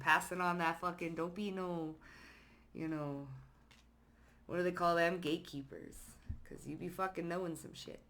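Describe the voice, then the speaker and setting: Bright-voiced, profane woman reading tarot. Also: on the low side, steady tone, moderate pace. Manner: profane, slangy, emphatic. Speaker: tarot reader.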